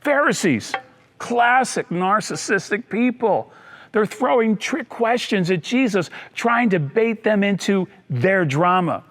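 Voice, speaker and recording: A male pastor with a naturally high voice delivers a sermon. He swings from bright emphatic bursts to low, quiet drop-offs and slips into the voices of people from his stories. He repeats key lines so the congregation catches them. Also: animated, takes it slowly. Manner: acts out voices of people in the story.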